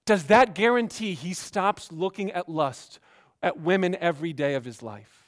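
A man preaching a sermon as pastor, emphatic, swinging between quiet asides and raised exhortation. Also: high voice, moderate pace.

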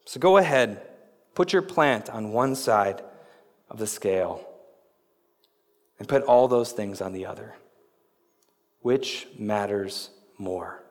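A man's voice: fairly low pitch, animated, slow, long pauses, in a large hall, pitched below the performer's own voice. A man voicing God as a patient figure who reasons with a sulking prophet in a coaxing tone.

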